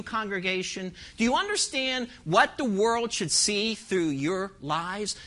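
A male pastor preaches an emphatic expository sermon in church, firing rhetorical questions at his congregation. His voice is extremely high-pitched with a sharp tone.

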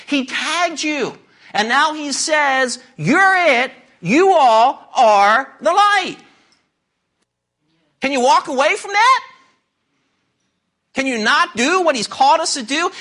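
A man's voice: very high voice, pushed and bright. A man preaching a sermon, emphatic and questioning the congregation directly. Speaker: pastor.

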